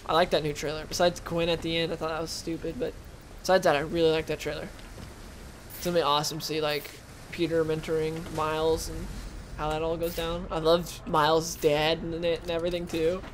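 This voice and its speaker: A man's voice: fairly high pitch, flat delivery, fairly quick, slight background noise. A young man hosting a casual gaming video, chatting and rambling while he plays and reacts to the game. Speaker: gaming channel host. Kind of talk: casual let's-play commentary.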